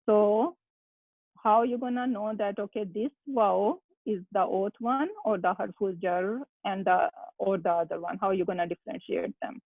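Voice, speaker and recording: An Arabic teacher, giving slow, halting explanations in an online class. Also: mid-range voice, dry recording. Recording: tinny phone-line sound, dry.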